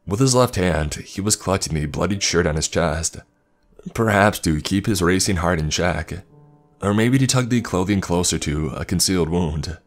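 A man narrating a horror story in a measured, ominous scripted delivery. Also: sits low. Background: faint background music.

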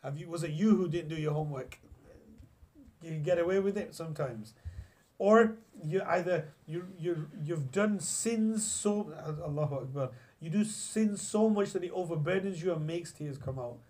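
A man's voice: a little high, normal speed, darkish tone. A young man from England teaching a religious class, storytelling in a chatty way with many restarts and recited Arabic phrases. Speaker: Islamic teacher. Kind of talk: classroom lesson on hadith.

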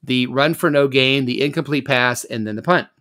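A man's voice: medium pitch, normal speed, a bit bright, no echo. A man hosting a casual sports podcast, joking around and hamming up bits. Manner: jokey, playful, hammy bits. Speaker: podcast host.

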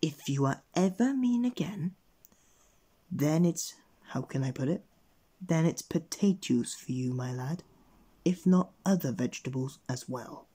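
A man's voice: fairly high pitch, moderate pace, dark tone. Man putting on a rambling wordy old wizard. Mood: stern. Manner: rambling, hesitant, overly polite.

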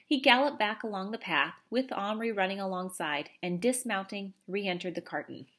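A woman reading a children's novel aloud in a steady storytelling voice. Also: mid-range voice, moderate pace. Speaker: reader.

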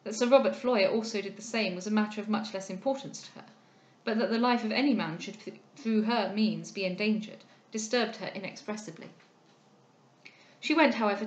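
A woman reads a classic novel aloud in a measured, steady voice. Her pitch sits in the middle range, and the recording carries a noticeable roomy echo. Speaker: audiobook reader.

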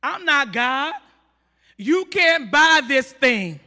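A man's voice: extremely high pitch, sing-song, slow, sharp tone, long reverb tail, exaggerated voice. A man voicing a stern old king who firmly scolds a visitor. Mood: scolding. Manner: firm, scolding. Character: stern ancient king, man, refusing a bribe.

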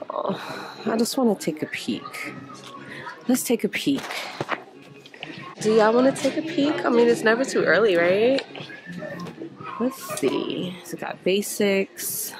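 Chatty woman vlogging, lively pitch. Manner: chatty, exclaiming often, talking to viewers. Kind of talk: casual vlog narration while shopping. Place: large store, indoors. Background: background music.

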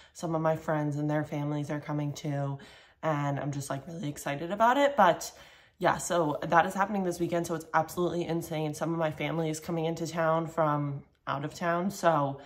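Low-voiced young woman vlogging at home. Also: steady tone, normal speed. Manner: chatty, rambling, lots of "like" fillers. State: morning voice, a bit low and groggy. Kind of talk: casual vlog chat to camera. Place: home kitchen, coffee machine running.

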